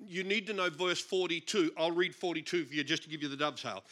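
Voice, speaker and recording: A man's voice: a little high, quick pace, hardly any pauses. A man with an Australian accent preaching a sermon, reading scripture aloud and joking with the congregation. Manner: animated, joking, chuckles often. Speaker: pastor.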